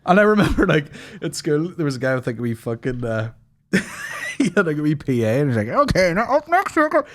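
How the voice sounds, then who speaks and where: A man's voice: mid-range voice, animated, fast talker. A man hosting a podcast, joking and swearing in casual banter. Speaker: podcast host.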